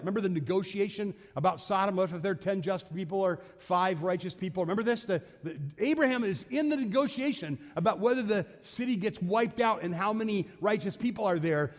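Pastor guy preaching in a church, pretty high voice, chatty, acts out little bits, long echo in the room. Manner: conversational preaching, acts out quotes and asides. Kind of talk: sermon. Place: church sanctuary.

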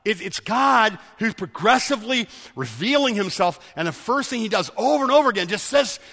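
High, bright-voiced preacher in a hall. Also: male voice, very animated, brisk, creaky. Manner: emphatic, repeats key words for stress. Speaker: pastor. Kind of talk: sermon.

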